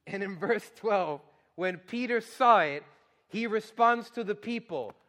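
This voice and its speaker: A young man preaching a sermon, reading scripture and telling a personal story, swinging from loud exhortation to hushed, quiet storytelling. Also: sits high, animated, measured pace.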